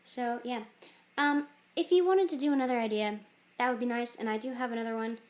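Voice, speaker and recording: A woman casually pitching a game idea, rambling with jokey asides. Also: brisk. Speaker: channel host.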